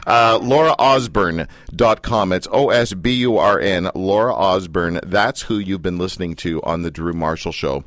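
A man's voice: low-pitched, moderate pace, few pauses, fairly bright tone. A man from Canada hosting a casual radio talk show, teasing and joking with his guest and rambling between thoughts.

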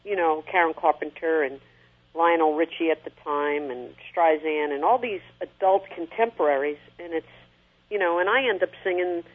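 A middle-aged woman with a husky voice, an interview guest talking animatedly about her singing and sometimes singing short phrases. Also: deep voice, normal speed. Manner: animated, sings short snippets to illustrate. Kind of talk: conversational interview. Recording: tinny phone-like line.

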